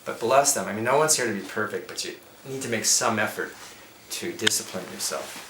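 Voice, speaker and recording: A man's voice: fairly low pitch, lively intonation, fairly quick. A middle-aged man, a yoga teacher, giving emphatic, preachy spiritual advice in an interview, laying out his points one by one. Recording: echoey room with faint background noise.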